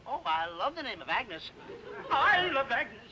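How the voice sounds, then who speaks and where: A squeaky, flustered bumbler. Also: male voice, very animated, measured pace, highs cut off, crowd noise, full character voice. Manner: whiny, flustered, breaks into bird calls. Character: excitable, childlike bumbling man. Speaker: comedian in a sitcom. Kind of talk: 1950s TV slapstick comedy. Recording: noisy old TV soundtrack.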